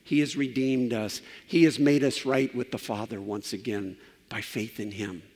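A man's voice: medium pitch, fairly even intonation, normal speed. Pastor, male, earnest sermon and prayer, mid voice, church reverb. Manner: earnest, trailing off softly in prayer. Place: church sanctuary.

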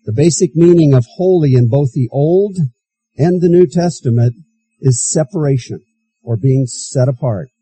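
A man's voice: mid-range voice, warm tone, husky, low-quality recording. A man preaching a sermon as pastor, reading scripture aloud and repeating key phrases for emphasis.

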